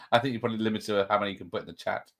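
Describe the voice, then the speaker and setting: A man's voice: fairly low pitch, steady tone, very fast, vocal fry, fairly bright tone. A man chatting casually and joking on a movie watch-party stream, laughing often. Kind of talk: casual chat.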